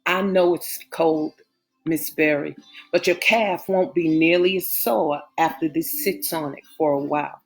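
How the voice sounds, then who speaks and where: Joshua, a calm reassuring therapist, read by a woman. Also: low voice, unhurried, soft background music.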